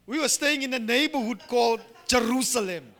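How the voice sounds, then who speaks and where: Preaching a sermon, this middle-aged male pastor has a very high-pitched voice and talks a little fast. He moves from quiet asides to loud, forceful lines and checks in with the congregation by asking "Amen?"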